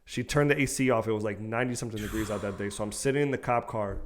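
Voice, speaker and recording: A young man with a fairly low-pitched voice co-hosts a casual podcast. He tells a personal story in loose, animated chat, swearing often and slipping into the voices of the people he quotes. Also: rapid-fire, a little hiss or hum. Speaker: podcast co-host.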